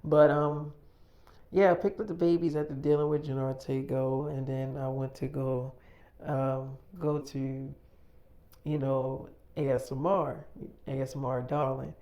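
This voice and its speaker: A woman telling a rambling, slangy story in a casual, relaxed way. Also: a bass voice, unhurried.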